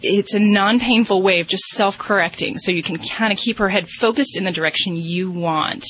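A woman talks a radio caller through dog training with a patient, explanatory manner, filling her pauses with ums. Her voice is husky and slightly breathy, and her pitch sits in an ordinary middle range. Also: low-quality recording. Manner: gentle, steady advice with frequent ums. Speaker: pet behavior expert. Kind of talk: radio call-in advice.

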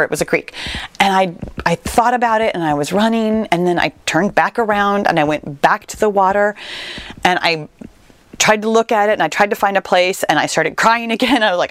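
A woman's voice: medium pitch, dry recording. Woman podcast host telling a story, earnest and encouraging, dry close mic. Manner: earnest, encouraging, with quick retellings. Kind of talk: personal storytelling monologue.

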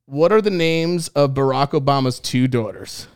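A man with a smooth, resonant voice, hosting a podcast and reading trivia questions in loose, profane banter. He is recorded close and dry on a studio mic, with no room sound. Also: mid-range voice, dry recording. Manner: swearing, quick banter. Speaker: podcast host. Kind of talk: casual chat over a trivia game.

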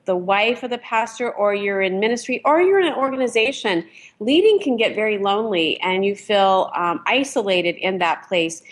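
Earnest woman co-host in flowing run-ons. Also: medium pitch. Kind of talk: casual talk show chat.

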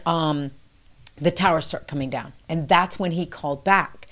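A lower-pitched woman from New York City is a guest in an interview, recounting a past experience as conversational storytelling. She's animated, acting out quoted dialogue with a rising pitch.

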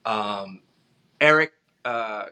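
A man, an actor, chatting in an interview and telling animated anecdotes, acting out the voices of people in them and laughing often. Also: fairly low pitch, drawn-out words, clean tone. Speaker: actor guest. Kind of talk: casual interview storytelling.

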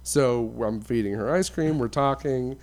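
A man's voice: medium pitch, a little slow, darkish tone. A man chatting casually with a friend, telling a funny story and laughing through it. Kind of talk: casual chat.

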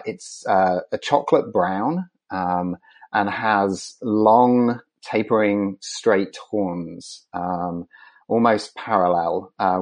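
A man, a conservation scientist, answering interview questions in a measured way with many ums and restarts. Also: fairly low pitch, a little mellow.

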